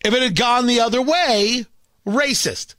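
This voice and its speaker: A man's voice: extremely high pitch, a little slow, pushed and bright, no room sound, studio quality. A male talk radio host delivering a combative, ranting opinion monologue, often stumbling and repeating words.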